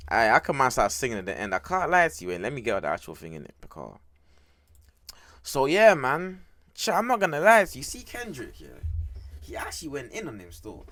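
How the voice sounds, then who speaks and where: A young man giving animated, filled casual reaction commentary as a music streamer. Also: mid-range voice, brisk. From United Kingdom. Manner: animated, slangy, repeats "bro" and "I can't lie".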